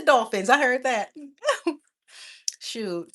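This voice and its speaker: A woman's voice: a little high, moderate pace, a bit bright. A woman hosting a casual livestream, chatting affectionately with viewers and laughing often. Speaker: livestream host.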